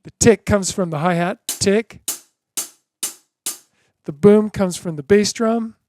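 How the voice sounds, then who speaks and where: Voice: mid-range voice, slow pace, mellow, faint music behind. A drum teacher giving a beginner lesson in an encouraging way, chanting drum syllables in rhythm.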